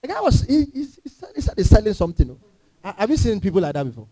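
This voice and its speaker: A man's voice: sits high, wildly swooping pitch, fast talker, warm tone, dry recording. A man preaching a sermon in a church, emphatic and full of rhetorical questions to the congregation. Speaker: pastor.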